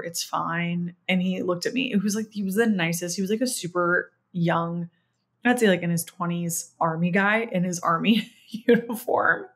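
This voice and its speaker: A young woman hosting a podcast, telling a personal story in a chatty, animated way and acting out quoted dialogue. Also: fairly low pitch, slightly rough. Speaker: podcast host. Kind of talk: casual solo podcast storytelling.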